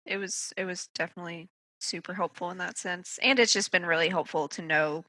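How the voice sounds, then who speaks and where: A woman chatting on a podcast about herself in a candid, self-mocking way. Her voice is bright and sits a little low for a woman. The sound is close and dry. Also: steady tone, a little fast, no echo. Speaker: podcast co-host. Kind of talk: casual chat.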